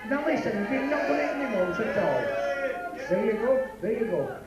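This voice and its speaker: A man's voice: sits high, expressive, moderate pace, heavy background noise. A man with a Yorkshire accent working as a club comedian and compère, teasing his stage partner with brash banter. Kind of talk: live club comedy double act. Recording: echoey club recording from far off. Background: live audience.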